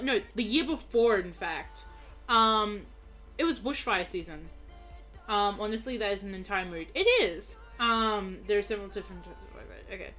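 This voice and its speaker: A woman's voice: mid-range voice, bright, forceful tone. A young Australian woman streaming a game, chatting casually in a giggly, rambling way. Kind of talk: casual chat while gaming.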